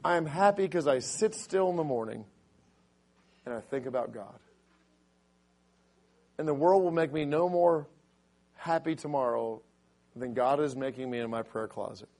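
Speaking at a normal speed and pausing often, a middle-aged man preaches a sermon in a raspy, mid-range voice. When scripture comes up, his delivery grows loud and emphatic.

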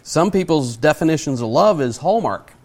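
Earnest preacher man, slightly high voice. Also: lively intonation, a little mellow. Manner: earnest, emphatic, speaks slowly to stress points; asks the audience direct questions. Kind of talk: sermon.

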